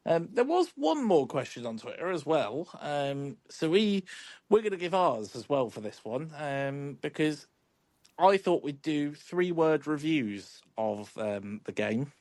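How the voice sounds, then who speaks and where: A man's voice: a little high, very animated, measured pace, darkish tone, no room sound. A man hosting a football podcast, laid-back and chuckling, with lots of ums. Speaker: podcast host. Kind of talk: casual chat.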